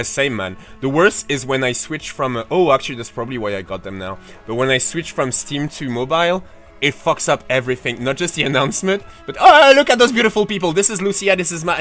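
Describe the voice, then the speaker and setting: A man's voice: medium pitch, bright, forceful tone. Chatty swearing male game streamer. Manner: chatty, rambling, swears freely, answers chat. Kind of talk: casual livestream commentary.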